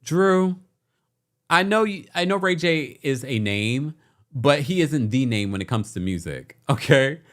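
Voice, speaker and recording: A man's voice: mid-range voice, animated, unhurried, a bit bright. A man hosting a reality TV recap podcast, chatting casually and talking straight to his viewers.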